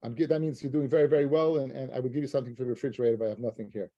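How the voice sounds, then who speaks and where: A man's voice: mid-range voice, steady tone, racing, no echo, highs cut off. A man teaching a Talmud class, reading Aramaic phrases aloud, translating them, and often repeating himself as he works through a passage.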